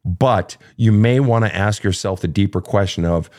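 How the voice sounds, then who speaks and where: Blunt, profane man with a low voice. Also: moderate pace. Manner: animated, acting out emotional outbursts. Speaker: podcast host. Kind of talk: live-streamed advice talk answering listener questions.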